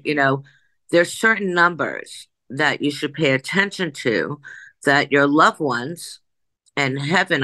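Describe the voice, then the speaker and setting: A woman's voice: a bass voice, bright, forceful tone, no echo. A woman in her sixties, a psychic guest telling stories in an emphatic, rambling way that jumps back and forth. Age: 60s. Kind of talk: conversational storytelling.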